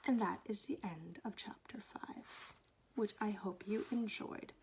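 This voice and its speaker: A woman reading a children's book aloud, expressive and fond, often dropping into hushed whispers. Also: medium pitch, measured pace. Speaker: storyteller.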